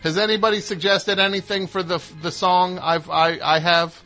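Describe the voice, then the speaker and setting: A man hosts a radio show in a high-pitched, level voice that is bright and forceful, at normal speed. Chatty and prone to tangents, he jokes his way along and plugs music between bits.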